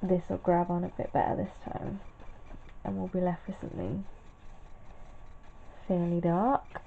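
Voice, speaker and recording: A woman's voice: lowish voice, little pitch movement, measured pace, vocal fry. A tired woman chatting and mumbling as she paints in a casual crafting tutorial. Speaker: craft vlogger. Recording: tinny phone-like sound, faint noise.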